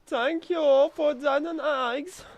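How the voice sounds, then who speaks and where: A man putting on a squeaky mock-German cook. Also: fairly even intonation, no echo, exaggerated voice. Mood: pleading. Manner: slow, drawn-out, pleading. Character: jolly high-voiced German male cook.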